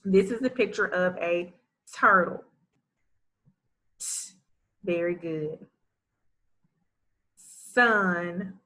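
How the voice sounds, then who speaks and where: Slow, deliberate woman teacher for young kids, sounds out words carefully, praises often. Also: on the low side, poor audio. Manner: enunciates sounds carefully, warm praise for pupils. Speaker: first grade teacher. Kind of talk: slow, deliberate reading lesson for young children.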